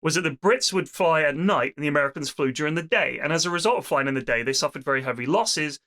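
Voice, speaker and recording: An English man co-hosting a podcast, animated, ranting and swearing freely in casual chat. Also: on the high side, quick pace. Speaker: podcast co-host.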